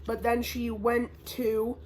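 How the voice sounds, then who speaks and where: A woman's voice: on the high side, monotone, slow pace, darkish tone. Rambling, profane young woman vlogger. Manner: rambling, profane, lots of fillers. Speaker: YouTuber. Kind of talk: casual rambling recap.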